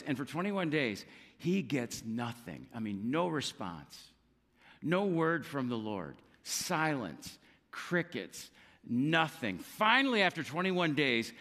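A man preaching a sermon, telling a scripture story with lively emphasis and acting out quoted lines. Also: fairly high pitch, slow pace, in a large hall. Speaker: pastor.

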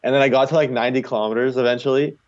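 A man's voice: mid-range voice, fairly even intonation, racing, slight background noise. A young man from Canada telling stories as a guest in a casual interview, rambling and full of "like" fillers. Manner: rambling, heavy use of "like" fillers. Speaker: guest, long-distance charity cyclist. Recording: slightly muffled recording.

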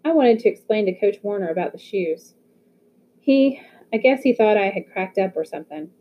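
A woman's voice: mid-range voice, expressive, normal speed, close to an everyday voice. A woman reading the lines of a grieving, bitter teenage boy in an audiobook. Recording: phone-like narrow audio.

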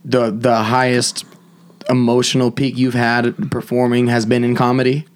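A man's voice: medium pitch, completely flat delivery, normal speed, slight background noise. A man hosting a casual chat, laid-back and encouraging, with slangy interjections.

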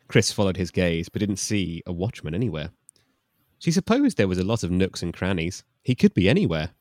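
A man's voice: low voice, very animated, fairly quick, a little mellow, dry recording, studio quality. A man hosting a podcast, reading a novel aloud with wry, mock-dramatic comic asides.

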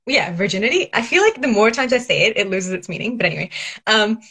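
A woman's voice: mid-range voice, lively intonation, quick pace, a bit bright, husky. A young adult woman co-hosting a podcast, talking conversationally and asking probing questions between filler-laden thoughts. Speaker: podcast co-host. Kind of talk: casual chat.

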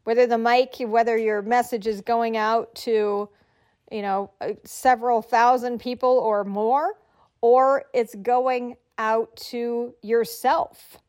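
A middle-aged woman with a slightly high, steady, darkish voice speaks slowly as she hosts a podcast for writers. As a writing coach, she offers friendly, encouraging tips in a conversational style, telling listeners what to do.

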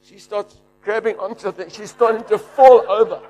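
A middle-aged man preaching, animated, shouting and laughing as he tells a story. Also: high voice, moderate pace, faint music behind. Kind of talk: sermon storytelling.

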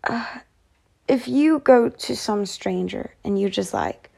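A woman's voice: a little high, slow, gravelly, a little mellow. A tired woman vlogging candidly to camera, rambling frankly and swearing often. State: tired from lack of sleep. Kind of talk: candid personal talk to camera.

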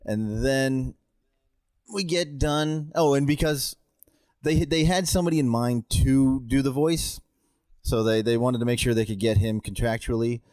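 A relaxed male actor chatting on a podcast and telling a story in an easy, self-mocking way. His voice sits at an ordinary middle pitch, recorded close and dry with no room sound. He swears offhandedly. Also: unhurried, no echo. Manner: relaxed storytelling, swears casually, laughs at himself. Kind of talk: casual chat.

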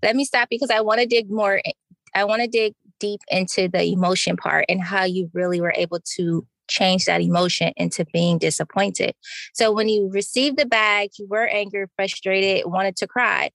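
A woman's voice: medium pitch, steady tone, normal speed, gravelly, a bit bright, no room sound. A woman co-hosting a casual podcast, asking probing follow-up questions. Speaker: podcast co-host, interviewer.

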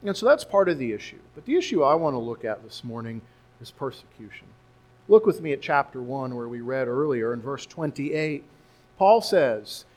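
A man with a somewhat raised voice preaches a teaching sermon. He walks his church through scripture, explains Greek word meanings and repeats key words for emphasis. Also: fairly high pitch. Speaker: pastor.

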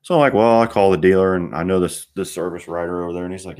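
A man's voice: low-pitched, steady tone, very fast, hardly any pauses, a little mellow. A man, a car mechanic, ranting bluntly in a rambling monologue and swearing constantly.

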